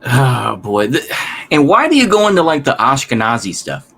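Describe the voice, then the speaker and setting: Male host, casual reaction commentary; rambling and exasperated, mid pitch. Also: very animated, normal speed, gravelly, a bit bright. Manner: rambling, restarts, swears, exasperated.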